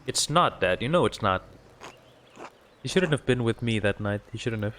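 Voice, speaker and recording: A man voicing a young woman who cares for her aging father, reading her lines earnestly in his own low voice. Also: lively intonation, normal speed, a bit bright, slight background noise.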